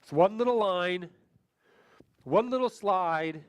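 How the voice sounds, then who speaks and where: A man with a higher-than-usual voice runs a training seminar. His delivery is lively, and he fires questions at the room and mimics how other people talk. He comes across as an upbeat coach teaching a class. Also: takes it slowly. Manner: animated, quizzes the audience and acts out voices. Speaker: sales trainer.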